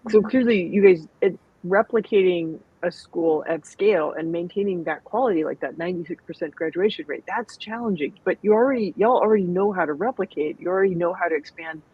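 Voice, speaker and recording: A woman host chatting casually and fast, with many filler words. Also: fairly low pitch, breathy edge, no room sound, highs cut off. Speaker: podcast host. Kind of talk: casual chat.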